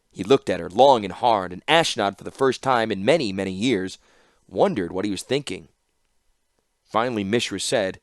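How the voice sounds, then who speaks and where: A man narrating an audiobook in an expressive storytelling style. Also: on the low side, moderate pace, no echo, clean studio sound. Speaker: audiobook reader.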